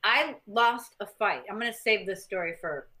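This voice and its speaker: A middle-aged woman from the US Midwest, a guest telling animated stories in an interview and acting out other people's lines. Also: medium pitch, moderate pace. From Missouri, US Midwest. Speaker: guest, former champion fighter and stuntwoman. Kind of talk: interview storytelling.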